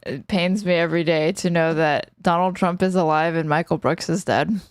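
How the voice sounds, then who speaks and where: Sarcastic woman with a smooth voice. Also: on the low side, steady tone, moderate pace, no echo. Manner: sarcastic, combative retorts. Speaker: podcast co-host. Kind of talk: casual livestream commentary.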